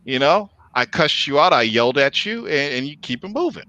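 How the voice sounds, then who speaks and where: A man hosts a casual podcast and tells his story with plenty of cursing and animation. His voice sits high and bright. The sound is close and dry, with no room around it. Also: big pitch swings, fairly quick, dry recording, dull audio. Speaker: podcast host.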